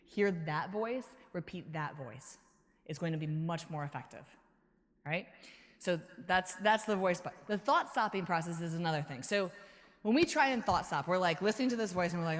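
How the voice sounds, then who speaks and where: Lively woman keynote speaker in a hall. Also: fairly low pitch, normal speed. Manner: energetic, laughing, acts out her inner voices. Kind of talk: conference talk answering audience questions. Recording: hall reverb.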